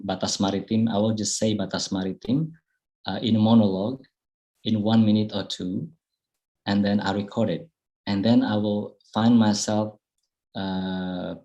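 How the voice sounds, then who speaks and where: Slow-spoken Indonesian man, fairly low voice. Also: dark tone, low-quality recording. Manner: slow, thoughtful, with many fillers and restarts. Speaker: guest speaker. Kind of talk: online public speaking talk. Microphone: video call.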